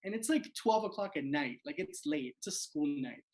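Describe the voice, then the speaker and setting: Here a late-twenties host and comedian from South Florida chats his way through a self-deprecating stand-up story on a video call, dropping "like" everywhere. The voice is a little high and a little mellow, with lively intonation and normal speed, though the recording is poor.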